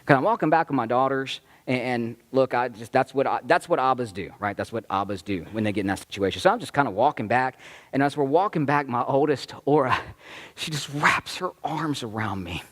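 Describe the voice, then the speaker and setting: A man's voice: mid-range voice, brisk. A man, a rabbi preaching to his congregation, telling a family story animatedly and acting out the voices of the people in it. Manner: animated, acts out quoted voices of children. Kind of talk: sermon storytelling. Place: congregation sanctuary.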